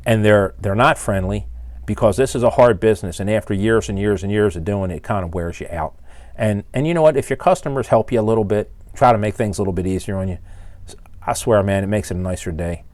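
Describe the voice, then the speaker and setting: A blunt, exasperated older man scolds his audience in a fairly low voice. He rants straight to the camera, recorded close and dry. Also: a little mellow, no echo. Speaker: engine builder and channel host. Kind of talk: ranting to camera.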